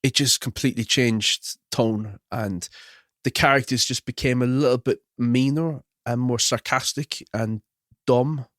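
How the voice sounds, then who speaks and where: A man's voice: medium pitch, steady tone, measured pace, a bit bright, no echo, studio quality. A man co-hosting a podcast, chatting casually and with strong opinions about films and TV. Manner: chatty, opinionated, does little mock voices. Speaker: podcast co-host. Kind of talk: casual film chat.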